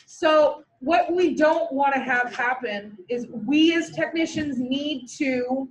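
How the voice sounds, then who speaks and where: A woman's voice: sits high, slow, a little hiss or hum. A woman teaching veterinary technicians in a classroom, blunt and joking with an emphatic delivery, in an echoey room with the mic far away. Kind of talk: classroom lecture.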